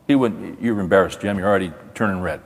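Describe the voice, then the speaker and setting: A man's voice: low-pitched, fast talker, gravelly. A middle-aged man giving a folksy, repetitive talk in sermon style to a men's gathering, stopping to chat with people in the audience. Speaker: speaker at a men's event. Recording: hall reverb.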